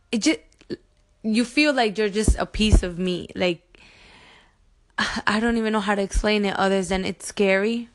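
Heartfelt woman sharing her birth story. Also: medium pitch. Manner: emotional, heartfelt, earnest; addresses viewers directly. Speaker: mom vlogger. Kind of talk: personal storytelling to camera.

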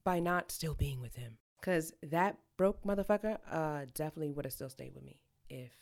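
Animated profane young woman storyteller. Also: sits low, moderate pace, vocal fry. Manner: animated, profane, acts out quotes. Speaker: podcast co-host. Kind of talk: casual storytelling chat.

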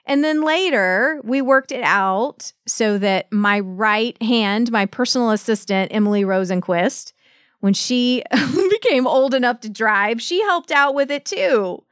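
A middle-aged woman hosting a coaching podcast, speaking straight to her listeners with punchy, motivational emphasis. Her voice sits a little high and sounds smooth and clear. The recording is dry and close. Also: expressive, unhurried, a bit bright, dry recording. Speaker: podcast host and business coach. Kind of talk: solo podcast monologue.

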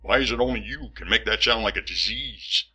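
A man playing a gruff, sarcastic slob fed up with his fussy roommate, firing off exasperated wisecracks in a comedy sketch. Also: lowish voice, brisk, pushed and bright, heavily acted. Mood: dry.

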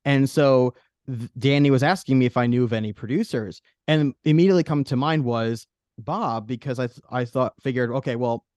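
A man's voice: medium pitch, brisk, a little mellow, muffled recording. Podcast host guy just chatting, loose and rambly, no room echo. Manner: rambling, many restarts and fillers. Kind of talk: casual chat.

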